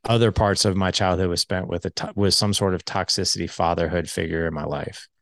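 A man's voice: low voice, fairly even intonation, brisk, gravelly, dry recording. A man in his forties candidly telling his life story in casual conversation, full of "like" fillers. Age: 40s. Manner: candid, heavy use of filler "like".

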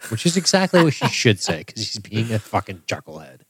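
A man's voice: lowish voice, very animated, fairly quick, a bit bright, slightly rough, dry recording. A man co-hosting a podcast in casual chat, blunt and wry, swearing freely. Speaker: podcast co-host.

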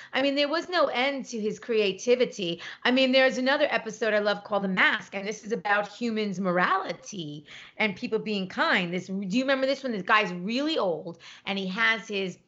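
Animated woman co-host on a lo-fi call. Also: fairly high pitch. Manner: animated storytelling, acts out quotes. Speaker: podcast co-host. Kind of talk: casual chat. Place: home, remote call. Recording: lo-fi internet call audio.

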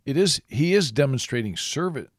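A man's voice: medium pitch, normal speed, no echo, studio quality. A man co-hosting a casual Bible discussion podcast, often chiming in with short agreements. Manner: chimes in with short agreements, expressive. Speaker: podcast co-host.

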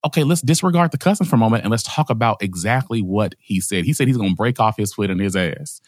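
Lively male podcast co-host, expressive pitch swings, dry room. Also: fast talker, no echo. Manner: animated, laughing, acts out quotes in a high voice. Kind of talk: casual chat.

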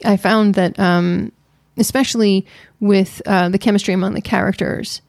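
A woman's voice: medium pitch, fairly even intonation, moderate pace, gravelly, a little mellow, no echo, clean studio sound. A woman co-hosting a podcast in casual, playful chat with her wife. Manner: playful, teasing, chatty. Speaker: podcast co-host.

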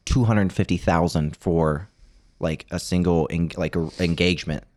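A man's voice: low-pitched, steady tone, normal speed, darkish tone. A man co-hosting a casual podcast, joking and telling things animatedly with frequent laughs. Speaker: podcast co-host. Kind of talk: casual chat.

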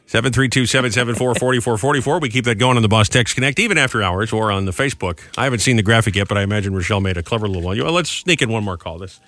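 A man's voice: fairly low pitch, racing, hardly any pauses, no room sound. A man hosting a morning radio show in casual chat with his co-host, taking callers and mimicking how people talk. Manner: animated, mimics voices when quoting.

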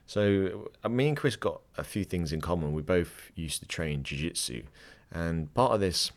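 A man's voice: deep voice, lively intonation, normal speed. A man in his thirties hosting a podcast, giving a chatty, upbeat, rambling intro from his home studio. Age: 30s. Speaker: podcast host.

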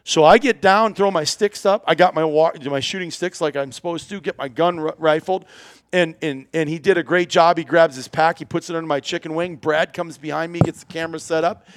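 A man spins a long tale in casual chat, throwing himself into every voice and breaking into laughter along the way. His voice sits a bit high for a man, and the recording is close and dry with no room sound. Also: brisk, no echo. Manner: lively, acts out dialogue, laughs often. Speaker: guest telling a hunting story. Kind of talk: animated storytelling.

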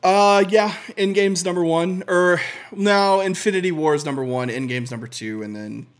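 A man co-hosting a casual podcast, thoughtful and hesitant, with many pauses and ums. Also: high-pitched. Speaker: podcast co-host.

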